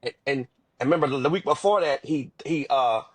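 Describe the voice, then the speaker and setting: A man's voice: mid-range voice, brisk. A man co-hosting a podcast, telling wrestling stories in casual chat with lots of restarts. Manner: animated storytelling with repeated restarts. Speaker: podcast co-host.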